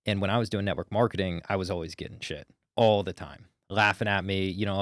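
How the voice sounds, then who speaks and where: A man's voice: low voice, fast talker, dry recording, clean studio sound. A man in his thirties, a sales closer, telling stories energetically in a casual interview. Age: 30s. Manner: energetic storyteller, swears casually. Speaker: sales closer, podcast guest.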